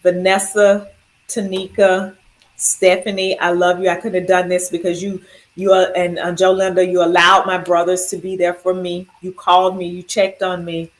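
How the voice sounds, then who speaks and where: A woman speaks in a slightly low voice, telling her own story of surviving cancer. She talks in a heartfelt, loosely rambling way and stops to thank one person after another. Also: poor audio. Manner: heartfelt, rambling through long lists of thank-yous. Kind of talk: personal video testimony.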